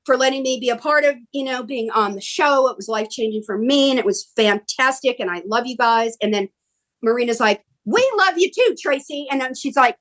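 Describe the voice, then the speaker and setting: A woman's voice: fairly quick, dull audio. A middle-aged American woman, a guest actress telling stories animatedly in casual chat over a video call. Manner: animated, acts out quotes in a high voice. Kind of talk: casual storytelling.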